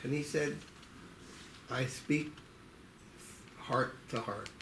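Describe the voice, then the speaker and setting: Man, class participant, soft conversational aside, roomy echo, noisy background. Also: medium pitch, very slow. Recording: distant voice in an echoey room with noise.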